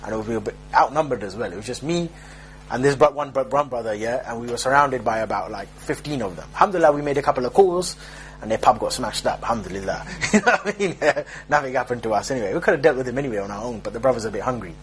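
A young preacher gives an informal religious talk in an animated, mid-range voice at a quick pace, with a little hiss or hum in the audio. He tells jokey, streetwise stories and does mock voices of the people in them.

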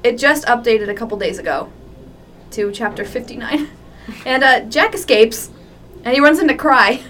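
A woman podcast host in casual chat, reading fan fiction aloud in an animated way and putting on voices for it. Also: on the high side, normal speed. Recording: distant mic with faint noise.

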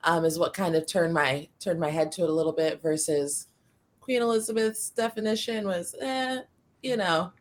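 A woman's voice: on the low side, moderate pace. A woman appearing as a guest on a podcast, easygoing and thoughtful in casual chat, who works as a gym trainer.

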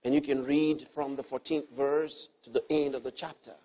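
Preaching earnestly, this man repeats important phrases and alternates quiet, soft passages with forceful ones. His mid-range voice has a flat delivery at a normal speed.

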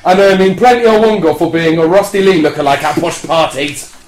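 A man's voice: fairly high pitch, fairly quick, background noise. Dry man reading absurd comedy. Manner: dry, matter-of-fact delivery of absurd lines. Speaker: podcast co-host. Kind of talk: comic mock-autobiography reading. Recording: roomy echoey studio.

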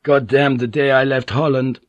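A man's voice: medium pitch, fairly even intonation, moderate pace, dry recording, pitched above the performer's own voice, natural voice. A man voicing a coarse, fearful Dutch sailor who curses his luck. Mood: bitter grumbling. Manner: cursing, fearful and bitter.

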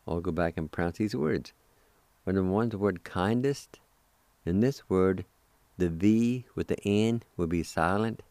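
Slow, deep-voiced male language teacher. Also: dark tone, smooth, no room sound. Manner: slow and careful, breaks words into syllables; patient, encouraging to listeners. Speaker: radio host teaching language vocabulary. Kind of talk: language lesson, spelling and pronouncing words.

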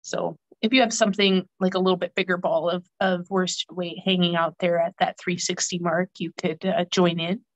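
A woman chatting casually about her knitting, rambling with lots of fillers and clearing a frog in her throat. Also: lowish voice, level tone, moderate pace, hardly any pauses, no room sound, poor audio. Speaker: guest knitter. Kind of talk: casual knitting podcast chat.

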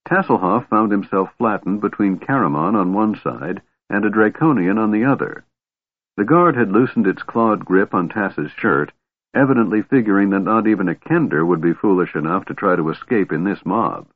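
A man narrates a fantasy novel in a steady, measured audiobook reading. His voice sits very low and husky. The recording is dry and thin, like a telephone line. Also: dry recording. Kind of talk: scripted narration. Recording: tinny phone-like band, dry.

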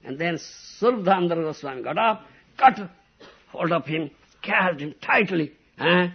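A man's voice: animated, a little slow, gravelly, pauses often, breathy edge, lo-fi sound. A man giving a devotional lecture, often checking with listeners whether they follow and explaining terms. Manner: acts out quoted crying laments in high shouts, then explains; asks "huh?" and "do you follow?" to the listeners. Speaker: spiritual teacher.

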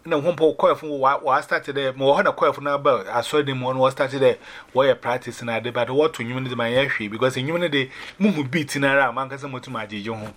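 A man sharing a personal faith testimony, telling it in an animated way and dropping in English phrases. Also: mid-range voice, brisk.

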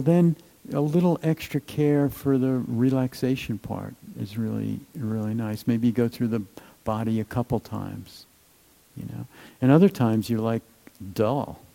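A man giving a gentle, unhurried meditation talk, with many fillers and trailing phrases. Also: mid-range voice, vocal fry, rough recording. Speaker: meditation teacher.

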